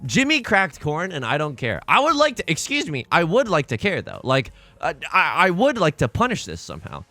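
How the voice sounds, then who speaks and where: A young man giving casual, self-mocking commentary over a mahjong game, jokey and animated. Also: on the high side, moderate pace, no room sound. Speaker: mahjong streamer. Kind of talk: casual let's-play commentary.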